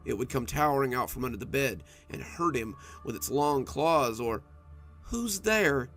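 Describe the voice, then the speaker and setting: A man telling a spooky bedtime story in an expressive, dramatic scripted narration, with faint music behind. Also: medium pitch, normal speed.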